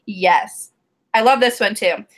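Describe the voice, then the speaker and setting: A woman's voice: mid-range voice, slow, fairly bright tone. A woman co-hosting a casual romance book discussion, gushing and laughing often. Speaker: book club co-host.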